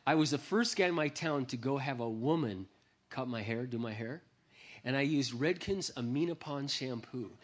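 A man's voice: mid-range voice, normal speed. A man giving a humorous, self-deprecating personal testimony to an audience, speaking into a microphone. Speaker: Christian speaker.

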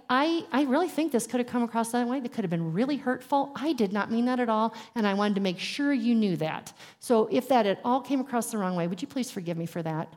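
A woman's voice: medium pitch, a little mellow. A middle-aged woman teaching a women's group in an earnest, candid way, acting out little dialogues as she goes. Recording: long hall reverb.

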